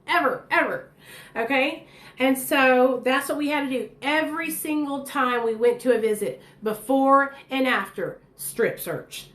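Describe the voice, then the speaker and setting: A woman with a fairly high voice talks straight to her viewers, blunt and candid in casual storytelling. The sound bounces around an echoey room. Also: fairly bright tone. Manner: candid, blunt and chatty, addresses viewers directly. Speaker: vlogger telling her recovery story.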